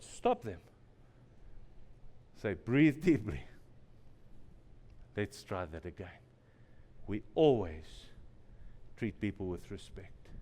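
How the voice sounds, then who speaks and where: A man with a high, smooth, resonant voice preaches to his congregation, telling personal stories with a joking, self-deprecating touch and repeating key phrases. His words ring out through a church with a long, echoing reverb. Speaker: pastor. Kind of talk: sermon. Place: church sanctuary.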